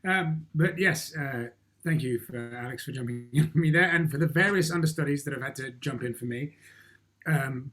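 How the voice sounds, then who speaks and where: A man's voice: a little high, fairly bright tone. Rambling, laughing man on a video call. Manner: rambling, stumbling restarts, laughing between words. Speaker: cast member. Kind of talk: casual chat on a video call.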